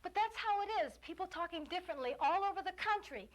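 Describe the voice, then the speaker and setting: A woman's voice: very high-pitched, lively intonation, fast. A woman voicing an earnest, eager young girl in a cartoon. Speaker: Carrie, daughter in the cartoon.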